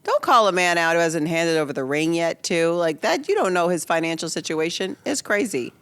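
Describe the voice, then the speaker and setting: A woman's voice: fairly quick, smooth, dry recording. A woman co-hosting a casual rewatch podcast, chatty and opinionated, with lots of "like" in her talk. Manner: opinionated and chatty, lots of "like", lively swings in pitch. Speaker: podcast co-host.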